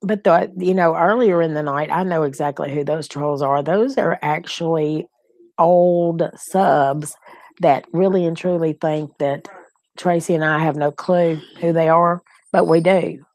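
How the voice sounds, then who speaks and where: Woman stream co-host, low-pitched, dry close sound, laughing and chatty. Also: steady tone, measured pace, a little mellow, no room sound. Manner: chatty, laughing, talks straight to viewers. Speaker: livestream co-host. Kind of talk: casual live-chat talk.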